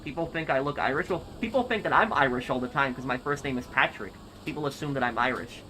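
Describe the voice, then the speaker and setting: A man's voice: mid-range voice, fast talker, bright, forceful tone, a little hiss or hum. A young American man streaming a game live, reading chat and thinking aloud with hesitant, repeated starts. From United States.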